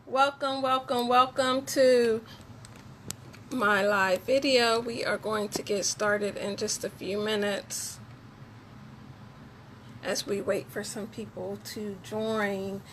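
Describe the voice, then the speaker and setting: A woman's voice: mid-range voice, steady tone, slow pace, a bit bright, a little hiss or hum. A woman hosting a weekly motivational live broadcast, cheerful and chatty, who often repeats words for emphasis. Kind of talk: upbeat live-stream motivational talk.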